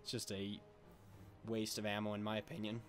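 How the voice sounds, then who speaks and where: A young man talks through a strategy game replay in a loose, meandering way, pausing on fillers and correcting himself as he goes. His voice sits a little on the low side, and he sounds a bit under the weather. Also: soft background music. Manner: relaxed and rambling, with frequent filler and self-corrections. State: slightly under the weather, occasional coughing. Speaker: game commentator. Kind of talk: casual gameplay commentary.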